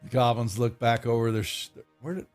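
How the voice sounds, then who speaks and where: A man at a middle pitch narrating a tabletop game as game master. He rambles, trails off and restarts his sentences in an easygoing way. Faint music sits behind his voice. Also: little pitch movement, fairly quick, darkish tone, clean tone. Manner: rambling, self-interrupting, casual.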